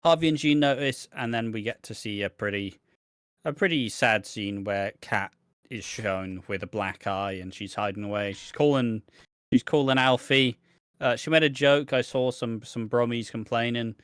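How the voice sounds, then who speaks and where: A man talks through soap opera plot points at a casual pace, swearing freely and slipping into mocking impressions. His voice sits at a middle pitch. It is recorded close and dry, with no room sound. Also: moderate pace, a bit bright, clear, resonant tone, no echo. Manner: sweary, chatty, acts out quotes in mocking voices. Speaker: podcast co-host.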